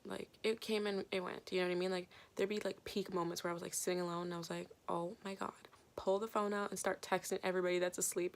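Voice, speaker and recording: Young woman, vlogger, casual storytime, rambling with lots of fillers, gravelly fry, medium pitch. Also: steady tone, brisk. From Canada. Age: 20s. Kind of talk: casual storytime chat to camera. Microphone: compact camera mic.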